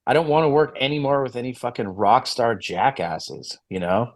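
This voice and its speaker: Profane, animated man telling road stories. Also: medium pitch, normal speed. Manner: profane, animated storyteller, acts out quoted dialogue. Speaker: guest musician and promoter. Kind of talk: casual interview storytelling.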